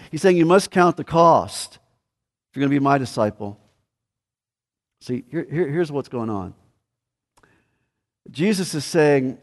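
A man's voice: mid-range voice, darkish tone. Preaching man in a reverberant hall. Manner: emphatic preaching, rising and dropping in volume. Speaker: pastor. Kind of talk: sermon.

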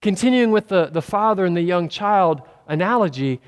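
A man's voice: sits high, expressive, moderate pace, clean tone, long reverb tail. A man preaching a sermon in an earnest, conversational storytelling way.

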